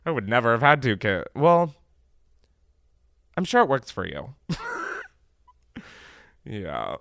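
A man's voice: mid-range voice, wildly swooping pitch, slow pace, pauses often, sharp tone, no room sound, studio quality. A young man hosting a podcast, chatting casually in a campy, profane way. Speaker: podcast host.

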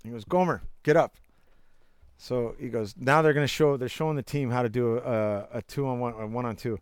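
A man's voice: mid-range voice, fairly even intonation, normal speed, smooth, no room sound. A young man in casual chat, telling rambling anecdotes with bursts of laughter and crude jokes. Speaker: storyteller.

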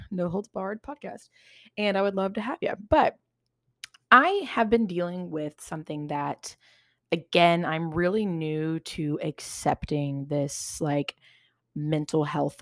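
A young woman talks through her solo podcast in loose, candid chat, cursing freely and laughing as she goes. Her voice sits fairly low for a woman. The sound is dry and close, with no room around it. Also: no echo. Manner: candid, swears a lot, laughs often. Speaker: podcast host.

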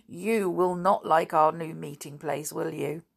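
A woman reading the part of an eager, bossy boy who leads a children's club, brisk and organising. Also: sits low, fairly even intonation, gravelly, slightly rough, exaggerated voice.

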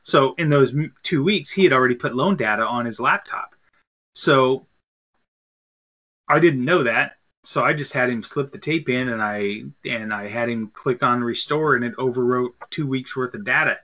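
At normal speed and medium pitch, his tone comes across sharp. He's a podcast co-host in his thirties, chatting casually over beer and drifting through long stories, stumbling into fillers and starting sentences over.

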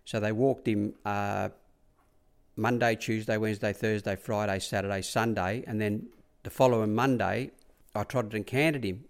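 This middle-aged Australian man, a former track rider, has a lowish, creaky voice that is still clear and resonant, with fairly even intonation at normal speed. In a casual interview he tells wandering stories, acting out others' lines and often saying "I said."

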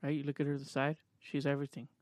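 A young man co-hosting a podcast in casual chat, joking and telling animated stories. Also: mid-range voice, fast, no room sound, studio quality. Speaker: podcast co-host.

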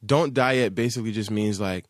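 A man with a fairly low voice talks loosely and easily, trailing into slang and fillers. His speech is recorded close and dry, with no room sound. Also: fairly quick, no echo. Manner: laid-back slangy talk, many fillers. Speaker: rapper and producer, guest. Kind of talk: casual interview chat.

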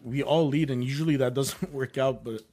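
A man's voice: mid-range voice, moderate pace, gravelly. A young man, a comedian guest, telling a story in casual chat, filling his talk with "bro" and "like". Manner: animated, says "bro" and "like" constantly.

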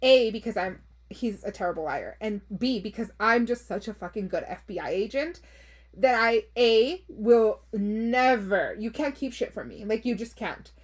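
Woman in her 30s, kinda husky, higher voice, chatty blunt host who cusses and throws in spanish. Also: expressive, moderate pace. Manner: chatty and blunt, swears, mixes in Spanish phrases. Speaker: podcast host reading listener stories. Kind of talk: casual chat.

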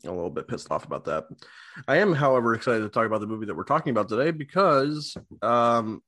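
A man's voice: mid-range voice, expressive, fast talker, a bit bright, dry recording. A man hosting a podcast, chatting casually and swearing now and then. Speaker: podcast host.

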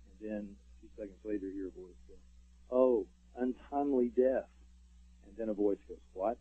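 A man's voice: on the low side, level tone, racing, breathy edge, dry recording. A man, a radio show guest, telling stories in casual interview talk with lots of fillers. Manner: rambling storyteller, many fillers. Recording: tinny phone line.

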